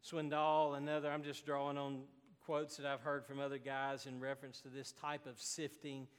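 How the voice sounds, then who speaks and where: A man's voice: mid-range voice, completely flat delivery, moderate pace, clear, resonant tone, in a large hall. A man preaching a sermon as pastor, earnest and building to emphatic declarations.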